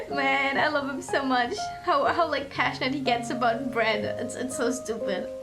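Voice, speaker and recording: A young woman streaming, chatting casually with her viewers, rambling and swearing freely with lots of fillers. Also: sits high. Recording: music playing under the voice. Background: music in the background.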